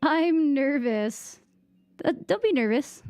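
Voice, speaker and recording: A young woman from the United States with a high voice chats slowly and playfully with her stream audience, often laughing. Her voice is close and dry, with no room sound. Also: warm tone, no echo, soft background music. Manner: giggly, chatty, tries out French phrases. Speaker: game streamer. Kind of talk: casual live-stream chat with viewers.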